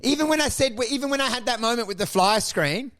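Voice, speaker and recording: A man co-hosting a podcast who tells absurd comic stories in an animated, sweary way, jumping into acted voices. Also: very high voice, quick pace. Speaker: podcast co-host.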